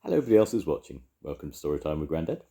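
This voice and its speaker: An older man reading a children's story aloud, gently chatting with young listeners between lines. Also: very deep voice, sing-song, very fast. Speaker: storytelling grandad.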